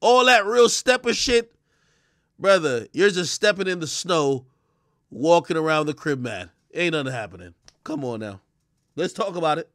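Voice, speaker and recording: A man ranting loudly on a live stream, mocking and profane, breaking into shouts and laughter. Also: on the high side, animated, normal speed, dry recording, studio quality. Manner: laughs between jabs. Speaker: streamer host. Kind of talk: live-stream commentary rant.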